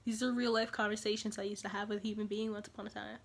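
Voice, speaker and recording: A young woman vlogging casually to her camera, chatty and animated, repeating lines for emphasis and dipping into whispered asides. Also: medium pitch, racing, gravelly, few pauses.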